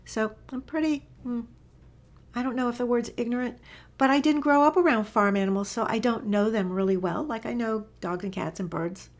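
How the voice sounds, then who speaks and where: A woman teaching animal communication in a casual spoken lesson, enthusiastic and storytelling, with her voice often sinking into a breathy whisper. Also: on the high side, moderate pace.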